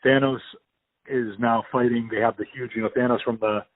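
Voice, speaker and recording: A man's voice: mid-range voice, steady tone, moderate pace, no room sound. A man hosting a podcast, chatting casually and enthusiastically over the phone, rambling with restarts. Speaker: podcast host. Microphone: phone call. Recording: tinny phone line.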